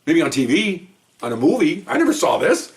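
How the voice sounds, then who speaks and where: An older man, a retired police officer, telling a rambling, animated story about his early days on the job. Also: a little high, a little fast. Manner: rambling, animated, acts out quotes. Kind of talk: casual storytelling.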